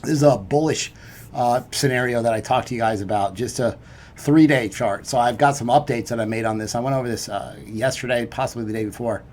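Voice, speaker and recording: A man's voice: medium pitch, a little fast, a little mellow. Upbeat chatty man walking through charts. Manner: chatty and upbeat, peppered with "right?" and "you know". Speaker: crypto trading video host. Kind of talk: casual chart walkthrough.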